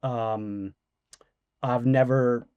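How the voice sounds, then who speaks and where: Man in his 40s, middle pitch, dry close sound, loose anecdotal guest talk. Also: fairly even intonation, drawn-out words, a little mellow, smooth, no room sound, dull audio. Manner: rambling anecdotes with many fillers. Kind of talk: casual interview storytelling.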